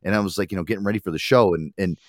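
A man's voice: sits low, racing, no room sound, studio quality. A man hosting a casual podcast, chatting loosely, swearing freely and laughing often. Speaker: podcast host. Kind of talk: casual chat.

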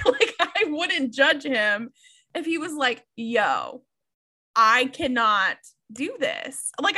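A woman's voice: sits high, pushed and bright. A young woman co-hosting a podcast, chatting candidly about a book, laughing often and swearing freely. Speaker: podcast co-host. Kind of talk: casual book chat.

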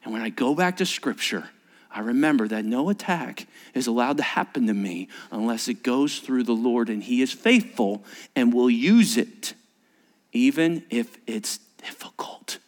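A man preaching as pastor at a church service. His delivery is animated, swinging between emphatic points and hushed, whispered asides. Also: medium pitch, normal speed. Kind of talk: sermon.

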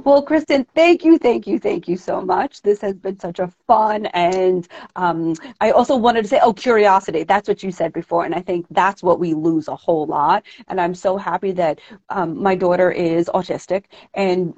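A woman from New York hosting a casual interview, animated and acting out quotes with big pitch jumps. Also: moderate pace, few pauses, highs cut off. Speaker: host.

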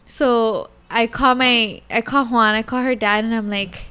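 A young woman chatting casually and telling a story in an animated way, acting out a little child's lines. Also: fairly high pitch, normal speed, few pauses, clear, resonant tone. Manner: animated storyteller, acts out her toddler's lines. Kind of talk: casual chat.

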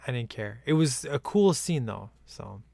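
A man's voice: mid-range voice, expressive, measured pace, vocal fry, a little mellow, dry recording. A man in casual, rambling chat as he watches a film at home, laughing often. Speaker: movie commentary viewer.

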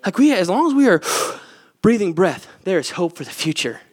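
Male pastor, very high voice, earnest conversational sermon delivery. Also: very animated, normal speed. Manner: earnest, conversational preaching with direct questions to the audience.

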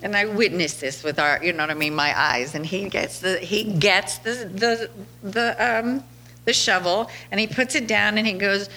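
This podcast host speaks at a measured pace with a medium pitch, her tone pushed and bright, and there's slight hiss or hum. Her storytelling is casual and chatty, full of laughter and acted-out quotes.

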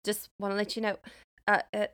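A woman's voice: mid-range voice, completely flat delivery, a little fast, a bit bright, clear, resonant tone. A woman playing a tabletop game, talking in a flustered, stammering way. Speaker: player. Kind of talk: tabletop role-play.

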